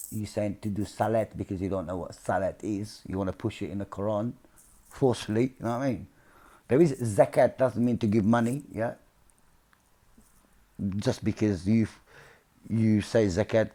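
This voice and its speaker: A man's voice: lowish voice, mellow. A man explaining scripture in an informal talk, earnest and often checking in with his listeners. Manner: earnest, keeps checking in with "yeah?" and "see?". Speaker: religious commentator.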